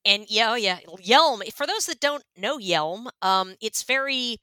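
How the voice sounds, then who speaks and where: A slightly high, clean-toned voice with a measured pace and no echo belongs to a woman from Washington state, US, who co-hosts a podcast. In casual chat she tells an animated story, acting out the voices in quotes and using plenty of fillers.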